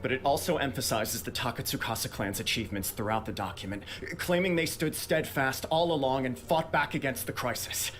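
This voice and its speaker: An actor playing a calm, earnest young male clan heir who speaks in a steady way. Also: mid-range voice, fairly quick, hardly any pauses, faint music behind, close to an everyday voice.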